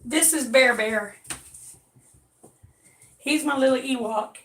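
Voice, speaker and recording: A woman's voice: sits high, slow pace, sharp tone. An older woman chatting casually at home, coaxing and calling her dogs as she shows them off. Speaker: vlogger showing her dogs. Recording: roomy, distant from the mic.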